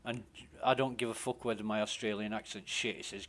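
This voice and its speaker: A man's voice: lowish voice, steady tone, brisk, hardly any pauses, fairly bright tone. A man, chatting casually while streaming a game, rambling and swearing as he talks, often cutting himself off mid-sentence. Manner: rambling, sweary, self-interrupting.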